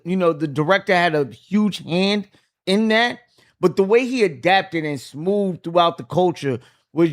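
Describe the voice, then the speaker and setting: A man with a high, light voice hosts a casual podcast discussion. He talks in an animated way and keeps throwing questions to his co-hosts. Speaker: podcast host.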